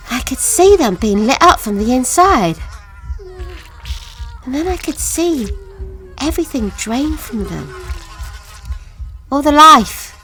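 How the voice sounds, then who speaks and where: An actress playing a haunted woman, recalling a childhood horror in a halting, hushed audio drama monologue that sinks to whispers. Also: high-pitched, creaky, heavily acted. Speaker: witness recounting an account.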